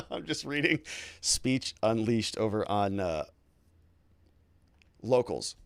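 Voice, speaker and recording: Guy doing legal commentary on a trial, lively swooping voice, bit high, super dry close mic. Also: slow pace, creaky, smooth, no room sound. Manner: animated, incredulous, acts out questions.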